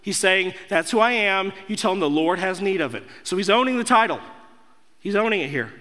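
High, bright-voiced preaching man. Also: lively intonation, fairly quick. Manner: emphatic preaching with rising, repeated declarations. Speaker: pastor. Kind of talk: sermon. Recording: echoey hall.

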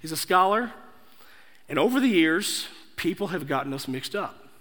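A man's voice: fairly high pitch, expressive, moderate pace, a bit bright. A young man preaching a sermon as pastor, emphatic, building through repeated declarations. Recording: echoey hall.

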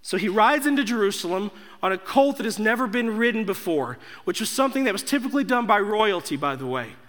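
High, bright-voiced preaching man. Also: animated, fast talker. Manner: emphatic preaching with rising, repeated declarations. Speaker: pastor. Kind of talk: sermon. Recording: echoey hall.

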